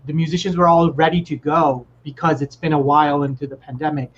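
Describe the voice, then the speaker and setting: A film composer explaining his remote work on a video call, relaxed and matter-of-fact. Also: fairly high pitch, fast talker. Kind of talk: casual chat on a video call. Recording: muffled lo-fi with faint hiss.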